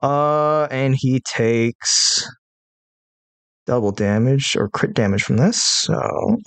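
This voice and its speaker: A man's voice: medium pitch, no echo. A man running a tabletop game as game master, narrating methodically and counting dice rolls aloud.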